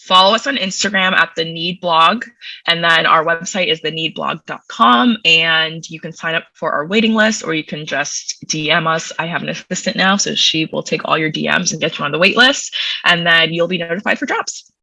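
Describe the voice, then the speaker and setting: Bright, laughing woman in a chatty interview. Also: low voice, normal speed, vocal fry, no room sound, rough recording. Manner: chatty, laughs often, self-deprecating. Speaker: interview guest. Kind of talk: casual interview chat.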